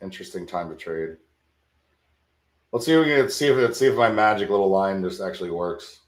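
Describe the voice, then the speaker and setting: Casual low-voiced man calling live trades. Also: fairly quick, echoey room. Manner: casual, thinks aloud, repeats words. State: sleepy, yawning. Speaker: livestream futures trading host. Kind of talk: live trading commentary.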